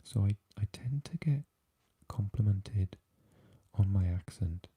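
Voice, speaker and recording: Low, breathy Welsh man whispering ASMR chat. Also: lively intonation. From Wales. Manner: soft and halting, with many fillers, chatting with viewers. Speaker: ASMR livestream host.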